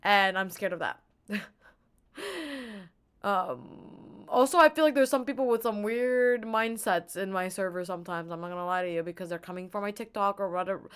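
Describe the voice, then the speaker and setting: A woman's voice: mid-range voice, normal speed, clean tone. A young woman chatting casually on a live stream into an earbud mic, rambling and giggling in a playful way.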